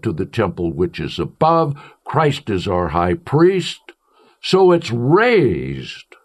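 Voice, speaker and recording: A male preacher delivering an emphatic sermon, declaiming with strong swings in pitch and pace.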